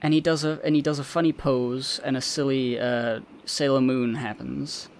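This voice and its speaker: Man, podcast co-host, laid-back, rambling, mid-pitched, faint background hiss. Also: fairly even intonation, normal speed. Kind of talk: casual manga discussion.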